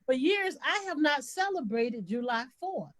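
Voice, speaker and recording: A woman's voice: high voice, sing-song, a little slow, dry recording. A woman activist speaking emphatically and passionately in a podcast panel over a video call.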